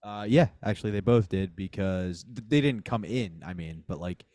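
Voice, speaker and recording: A man's voice: deep voice, moderate pace, warm tone, no room sound. A man on a podcast, chatting casually and dropping dry, teasing remarks at his co-host. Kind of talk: casual chat.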